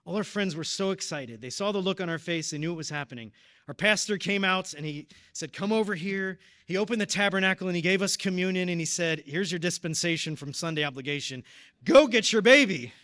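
A man's voice: high voice, fast, sharp tone. A man in his thirties preaching, telling a personal story in an earnest, emotional way. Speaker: deacon or preacher at a parish. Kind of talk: personal testimony in a sermon.

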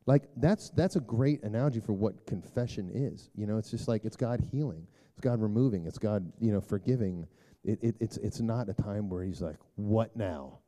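A middle-aged man gives a rambling, chatty storytelling sermon to a church group, talking fairly quickly in a low, deeply mellow, dark voice. He leans on filler words, keeps clearing his throat, and turns hushed and low for prayer.

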